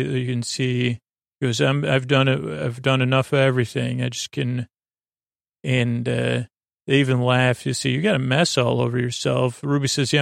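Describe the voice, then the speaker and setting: A man's voice: medium pitch, creaky, no echo, clean studio sound. A man hosting a sleep podcast, casually recapping a show in a rambling, hesitant way with many fillers, sometimes getting choked up.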